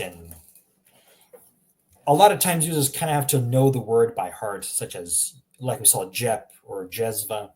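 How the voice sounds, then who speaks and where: In a relaxed recorded language lesson, a man whose voice is medium in pitch and darkish in tone chats and repeats himself a lot, frequently laughing at his own expense. He's a language teacher.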